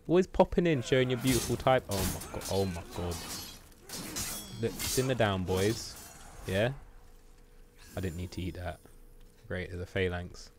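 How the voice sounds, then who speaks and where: A man's voice: lowish voice, normal speed, pauses often, a little hiss or hum. A British man streaming a game live, chatting playfully with viewers and joking as he plays. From Britain. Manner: playful, banters with chat, jokes and mutters at the game.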